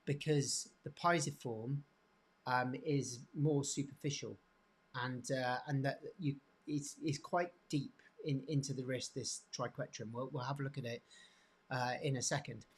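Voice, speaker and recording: A man teaching hand anatomy off the cuff, pointing to bones, with many restarts and frequent throat clearing. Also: mid-range voice, fairly even intonation. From England. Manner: halting, repeats words, frequent throat clearing. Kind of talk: unscripted teaching demonstration.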